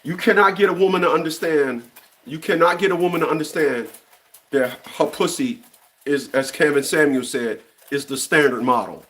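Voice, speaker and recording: A man's voice: fairly high pitch, moderate pace, a bit bright. A man in his fifties delivering a blunt, profane opinion rant, often stumbling and repeating words as he restarts. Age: 50s. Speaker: commentary channel host.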